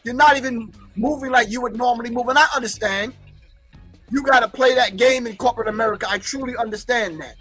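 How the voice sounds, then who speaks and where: High-voiced emphatic male commentator. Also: fast, a bit bright, breathy edge, soft background music. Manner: emphatic, preaching, repeating key phrases. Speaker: host commenting on archival clips. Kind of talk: commentary on a recorded lecture.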